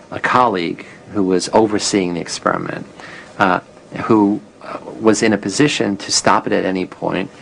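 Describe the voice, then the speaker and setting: A man's voice: lowish voice, vocal fry, a little hiss or hum, rough recording. An older man being interviewed as a psychologist, reflective and self-critical.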